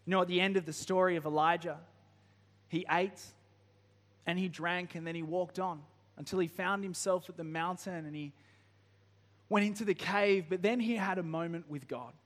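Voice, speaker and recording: A man preaching a sermon, moving between hushed, slow reading and rising, impassioned pleading. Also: sits high, fairly even intonation, in a large hall. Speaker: pastor. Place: church.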